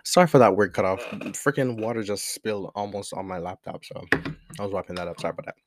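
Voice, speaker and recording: A man's voice: on the low side, fast, slight background noise. A young man at home telling a casual, rambling story about a past friendship. He swears freely and laughs often in a laid-back way. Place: at home at a desk with a laptop.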